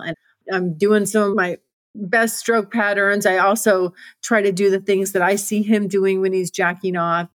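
A woman's voice: mid-range voice, dry recording. A woman hosting a podcast, telling a candid personal story in a frank, breathless way with many restarts. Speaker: podcast host.

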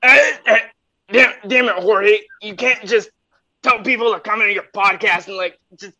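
A man's voice: normal speed, sharp tone, heavily acted. A man putting on the voice of an exasperated, flustered man who sputters and curses. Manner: squeaky, sputtering, cursing. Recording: dull lo-fi audio.

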